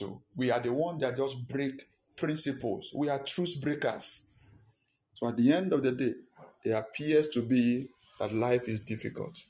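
A male pastor delivering a forceful sermon in a mid-range voice. He hammers his points home by repeating short lines, and he keeps putting pointed questions straight to his listeners. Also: medium pitch. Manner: emphatic, repeats lines for stress; fires rhetorical questions at listeners.

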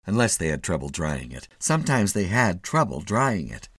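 A man reading a short story aloud in an expressive, measured way. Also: low-pitched, husky, dry recording, clean studio sound. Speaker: narrator.

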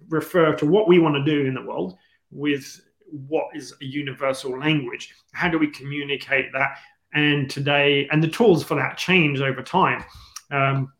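Earnest man from the UK, echoey. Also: a little high. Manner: earnest, searching, restarts phrases. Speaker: guest, entrepreneur. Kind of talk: reflective interview talk.

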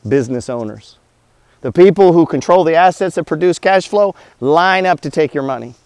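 A man's voice: on the high side, expressive, normal speed, darkish tone, smooth, dry recording. A man giving a blunt, profane motivational talk about money, full of rhetorical questions. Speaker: host.

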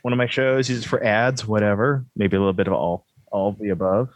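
Man, podcast host, casual rambling chat, self-deprecating jokes, low voice, dry close sound. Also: fairly even intonation, quick pace, dry recording.

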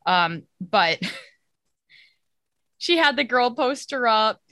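A woman's voice: fairly high pitch, expressive, extremely slow, sharp tone, dry recording, studio quality. A young adult woman co-hosting a casual podcast, rambling through a plot summary with many fillers and restarts. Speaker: podcast co-host. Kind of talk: casual chat.

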